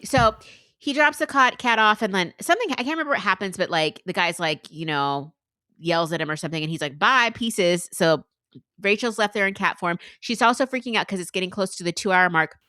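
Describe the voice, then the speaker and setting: A tipsy woman co-hosting a book club podcast, recapping a story in a rambling, animated way with plenty of asides. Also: medium pitch, a little fast, dry recording. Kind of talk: casual chat.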